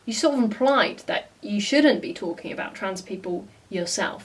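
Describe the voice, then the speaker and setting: A woman's voice: mid-range voice, normal speed, hardly any pauses, distant mic. A woman vlogger giving casual reaction commentary, blunt and exasperated, often swearing.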